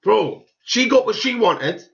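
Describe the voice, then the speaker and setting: A man's voice: high-pitched, big pitch swings, a little slow, vocal fry, lo-fi sound, slight background noise. A young man giving blunt, scornful, profanity-heavy reaction commentary on a video. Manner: blunt, scornful, swears heavily. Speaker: YouTube commentator.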